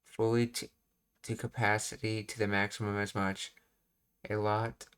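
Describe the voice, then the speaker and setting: A man's voice: lowish voice, flat delivery, unhurried, fairly bright tone, clear, resonant tone. A man working through a casual language lesson, thinking aloud with fillers and reading out explanations. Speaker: language teacher.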